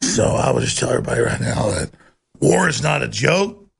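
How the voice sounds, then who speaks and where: A man's voice: medium pitch, expressive, fairly quick, gravelly, slightly rough. A man hosting a talk radio show, ranting with heated, repeated rhetorical questions. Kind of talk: loud talk radio rant.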